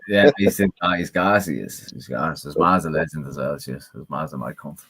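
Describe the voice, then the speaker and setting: Deep-voiced man telling stories. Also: brisk, gravelly, a bit bright, slightly rough, dry recording. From Ireland. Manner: rambling, swearing storyteller. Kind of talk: casual chat.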